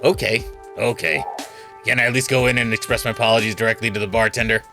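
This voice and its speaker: A man voicing a sheepish male cat detective in a game, hurried and pleading. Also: lowish voice, steady tone, music in the background, pitched below the performer's own voice, lightly acted.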